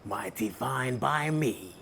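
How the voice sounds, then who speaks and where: Man voicing a grumpy boastful bear, storybook, slow and moaning, lively pitch. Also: creaky, slight background noise, exaggerated voice. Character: big grumpy boastful rude male bear.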